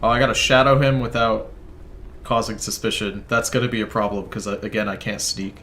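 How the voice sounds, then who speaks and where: A gaming video creator talks a little fast in a lowish, level, fairly bright voice, with a bit of hiss or hum in the background. He tells a rambling, cuss-filled story in casual chat during gameplay, often interrupting himself to react to the game.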